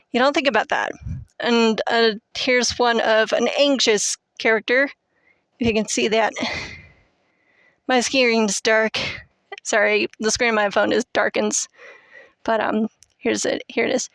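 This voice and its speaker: A woman's voice: fairly high pitch, fairly even intonation, a little slow, a bit bright, clean tone, dry recording. Rambly young woman on a headset mic. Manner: rambling, filler-heavy, self-deprecating. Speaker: writing tips host. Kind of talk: casual teaching monologue.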